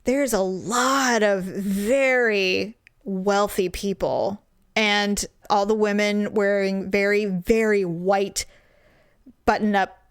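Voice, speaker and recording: A woman's voice: mid-range voice, fairly even intonation, slow, clean tone, no room sound. A woman in her forties, a podcast co-host, telling a self-mocking story with frequent laughs. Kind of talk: casual chat, storytelling.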